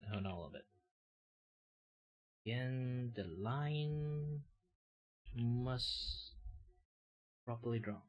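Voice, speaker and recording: A man's voice: mid-range voice, extremely slow, pauses often, highs cut off. A man with a Malaysian accent, a VTuber chatting casually and loosely while he draws on stream, full of fillers and restarts. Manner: rambling, loose grammar, many fillers.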